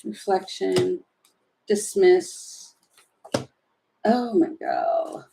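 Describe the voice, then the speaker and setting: A woman's voice: medium pitch, extremely slow, creaky, noisy background. A woman doing a casual live tarot reading, chatty and opinionated, rambling with many fillers and asides. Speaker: tarot reader.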